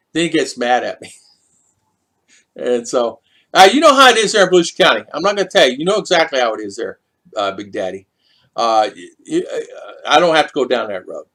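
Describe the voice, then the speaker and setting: A middle-aged man chats casually on a livestream, reading viewer comments aloud and drifting into loose stories. He talks in a rambling, repetitive way, restarting his phrases often. His pitch stays lively and animated throughout. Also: fairly quick. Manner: chatty, lively storyteller.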